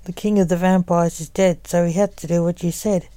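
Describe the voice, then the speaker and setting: A woman's voice: fairly low pitch, steady tone, brisk, warm tone, no echo, close to an everyday voice. A woman reading the part of the king of the grim reapers, a wry man, in a story.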